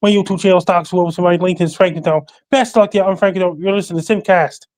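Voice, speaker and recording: A man appearing as a podcast guest, talking in a flat recital that lists facts, dates and handles one by one. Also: high-pitched, fast talker. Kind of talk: casual call-in chat.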